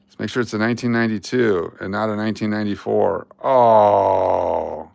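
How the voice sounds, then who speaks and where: Deep gravelly man hunting coins. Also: quick pace, slight background noise. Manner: excitable, mutters to himself, groans "wah wah" at misses. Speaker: coin roll hunting host. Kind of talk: casual coin-hunting commentary.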